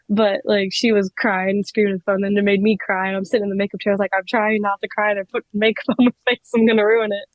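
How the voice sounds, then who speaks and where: A young woman in her twenties, a wrestler telling stories in a casual interview, excitable and giggly with lots of fillers. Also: mid-range voice, fast, no room sound, rough recording. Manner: excitable, giggly, many likes. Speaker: wrestler, guest.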